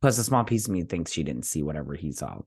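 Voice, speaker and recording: A man's voice: rumbling low, very animated, fast, a little mellow, breathy edge. A tired man hosting a casual TV review, retelling an episode in a rambling, chatty way and often breaking off to give his own reactions. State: tired, yawning. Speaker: TV review host.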